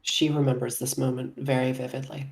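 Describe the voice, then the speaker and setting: A woman player narrating her character's actions, soft and halting. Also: extremely low pitch, little pitch movement, gravelly, crowd noise.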